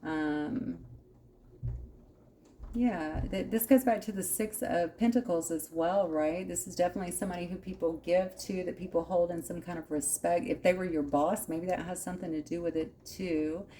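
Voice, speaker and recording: Low-voiced woman giving a tarot reading. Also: fairly even intonation, moderate pace, warm tone, a little hiss or hum. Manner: conversational, musing aloud, frequent asides. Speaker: tarot reader.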